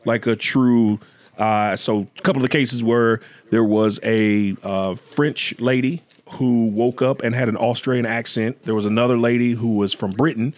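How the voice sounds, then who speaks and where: A man hosting a casual podcast chat, telling stories in an animated way and joking around. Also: mid-range voice, moderate pace, no room sound. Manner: animated storyteller, jokes with put-on accents. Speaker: podcast host.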